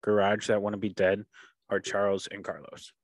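A young man co-hosting a casual racing podcast, dry and joking, often letting his voice drop quietly at the ends of sentences. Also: on the low side, monotone, normal speed. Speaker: podcast co-host. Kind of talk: casual sports chat.

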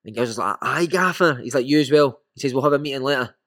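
A Scottish man in his thirties, a former footballer telling animated, sweary anecdotes in a casual chat. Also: medium pitch, quick pace.

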